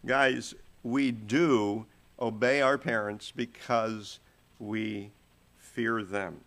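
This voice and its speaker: A man's voice: fairly low pitch, steady tone, very slow, fairly bright tone. A man preaching a sermon, telling stories with shifting volume and pace.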